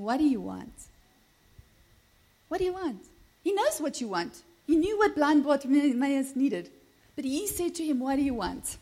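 A woman pastor preaching a lively sermon, calling for amens and laughing often. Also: sits high. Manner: animated, asks the congregation for amens, laughs often.

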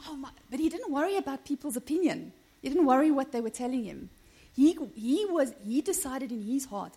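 A woman preaches with animated energy, her voice sitting high. She keeps calling out to the congregation for amens and breaks into laughter as she talks. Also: husky. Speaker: pastor. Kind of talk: sermon.

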